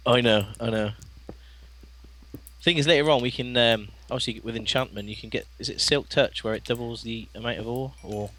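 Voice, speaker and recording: A man co-playing a let's play, talking casually with frequent laughs and lots of halting fillers. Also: mid-range voice, fairly bright tone, slight background noise. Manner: chatty, laughs often, halting with many fillers. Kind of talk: casual gameplay chat.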